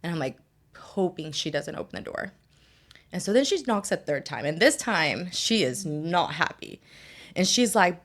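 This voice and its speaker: A woman's voice: on the low side, expressive, normal speed. A young adult woman telling a personal story as a podcast guest, candid and conversational, with many "like" fillers. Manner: candid, heavy use of "like" fillers.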